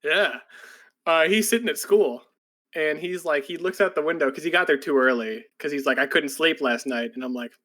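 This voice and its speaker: A man with a slightly raised voice talks through a story in a loose, rambling way. He leans on "like" constantly while chatting on a podcast. When he quotes characters, he jumps into excitable, breathless put-on voices. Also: on the high side, a little fast. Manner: rambling, filler-heavy storytelling with many "like"s. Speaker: podcast co-host. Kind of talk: casual chat retelling an anime plot.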